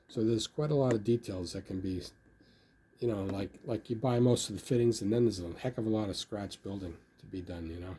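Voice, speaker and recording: A man's voice: on the low side, dark tone, slight background noise. An older man casually talking about his model building, rambling and filling his speech with "you know.". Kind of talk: casual hobby video talk.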